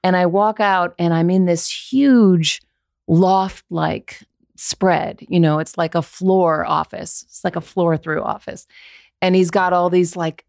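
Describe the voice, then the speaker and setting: A woman's voice: on the low side, takes it slowly, gravelly, no room sound, clean studio sound. A woman in her forties, a voiceover actor, telling a story in a conversational interview and acting out the lines she quotes. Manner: animated, acts out quoted lines.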